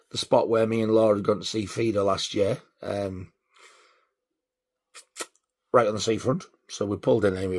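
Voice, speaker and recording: A man telling a sweary, animated story in a casual vlog. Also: on the low side, slightly rough. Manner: sweary, animated when riled. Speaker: vlogger.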